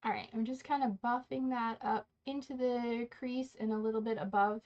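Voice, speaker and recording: A woman's voice: fairly high pitch, steady tone, normal speed, few pauses, darkish tone. A woman hosting a casual makeup livestream, chatting and rambling as she works and often correcting herself mid-sentence. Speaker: beauty livestream host. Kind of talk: casual get-ready-with-me livestream chat. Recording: slightly dull lo-fi sound.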